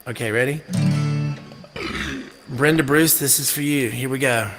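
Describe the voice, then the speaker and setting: A man's voice: mid-range voice, measured pace, over loud music. Rambling, jokey man between songs. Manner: rambling, jokey and irreverent, with mild swearing. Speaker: singer-songwriter and live-stream host. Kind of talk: casual chat between songs on a live stream.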